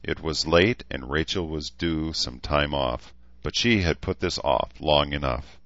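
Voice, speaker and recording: A man with a very deep voice narrates a novel in an even, steady manner. The recording is close and dry, with slightly dulled highs. The delivery stays plain throughout. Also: measured pace, no echo, lo-fi sound. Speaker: audiobook narrator. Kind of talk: scripted narration.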